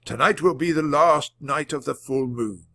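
A man's voice: a little high, moderate pace, fairly bright tone. A man voicing a grave, formal old wizard in a storybook reading. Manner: formal, solemn.

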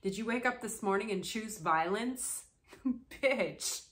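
A woman's voice: mid-range voice, a little slow, fairly bright tone. Sarcastic, laughing young woman commentator. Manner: sarcastic, laughs often, swears freely. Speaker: commentary channel host. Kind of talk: casual commentary.

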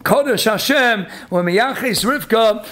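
A rabbi lecturing with a very high-pitched voice, and he keeps things animated. He chuckles through his points and peppers his talk with Hebrew and Yiddish terms. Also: slow pace, background noise. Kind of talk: Torah lecture.

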